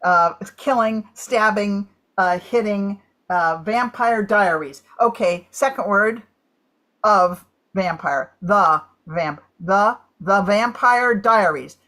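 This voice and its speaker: A woman calls out guesses in a party game at an unhurried pace, stopping and starting between words and filling gaps with "uh". Her voice sits mid-range. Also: medium pitch, a bit bright. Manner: guesses aloud in halting bursts with many fillers. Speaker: game player.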